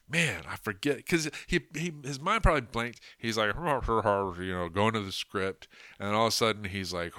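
A man's voice: on the low side, animated, normal speed, sharp tone, dry recording, studio quality. A man hosting a podcast, talking in a rambling, crude, mocking way with lots of fillers. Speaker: podcast host. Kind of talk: casual political commentary.

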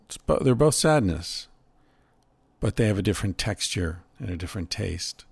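Middle-aged male podcast host, low gravelly voice, reflective and unhurried. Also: animated, no room sound. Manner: musing, unhurried, swears casually. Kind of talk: reflective casual monologue.

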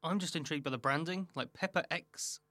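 A man co-hosting a podcast, talking in a quick, self-deprecating way. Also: on the high side, sharp tone, no echo. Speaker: podcast co-host. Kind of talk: casual chat.

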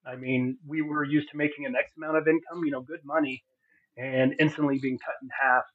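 A man's voice: fairly high pitch, flat delivery, brisk. A man sharing an earnest, heartfelt personal testimony as a podcast guest. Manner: earnest, heartfelt, many fillers and restarts. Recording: phone-like narrow sound.

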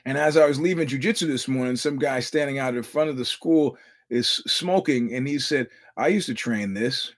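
A middle-aged man talks through his podcast in a loose, rambling monologue. He swears freely and often circles back to restart his sentences. His voice sits at a plain, medium pitch. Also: brisk. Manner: rambling storyteller, profane, many restarts. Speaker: podcast host. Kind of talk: casual monologue.

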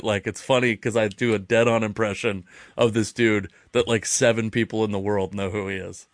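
A man's voice: medium pitch, no echo, studio quality. A man hosting a podcast in a jokey, self-deprecating way. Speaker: podcast host. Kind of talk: casual podcast chat.

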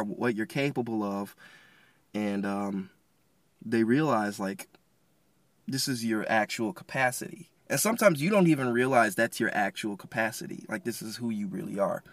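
A man's voice: medium pitch, moderate pace, fairly bright tone, no room sound. A man hosting a podcast, giving a casual, rambling devotional talk full of slang and restarts. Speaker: podcast host.

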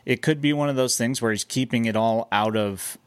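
A man's voice: mid-range voice, a little fast, clean tone, no room sound. Hesitant male co-host, dry close sound. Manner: hesitant, thinking aloud with many fillers. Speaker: podcast co-host. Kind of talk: casual sports chat.

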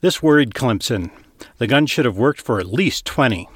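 A man reading scripted fiction narration in a steady, even storytelling manner, close to the mic. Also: mid-range voice, moderate pace, breathy edge, no room sound.

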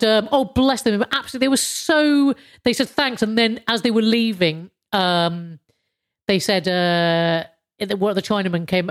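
A British woman hosting a podcast in a casual monologue, rambling with frequent chuckles and casual swearing. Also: medium pitch. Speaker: podcast host.

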